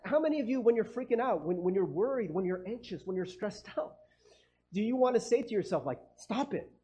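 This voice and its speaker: A man's voice: high voice, lively intonation, fairly quick, mellow. A man preaching a conversational sermon as a pastor, chatty and casual, acting out quoted voices and laughing often. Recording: dull lo-fi sound.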